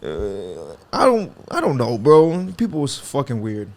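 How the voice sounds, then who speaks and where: A man's voice: medium pitch, wildly swooping pitch, unhurried, darkish tone. A young man from the Bronx with a New York accent, hosting a solo podcast in a profane, rambling, casual way with lots of restarts and slang. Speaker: podcast host.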